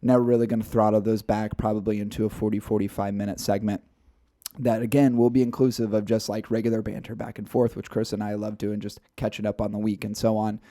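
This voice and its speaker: A man's voice: lowish voice, flat delivery, fast talker, dark tone, no room sound, studio quality. A man co-hosting a casual podcast, talking in a loose, rambling way with fillers. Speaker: podcast co-host.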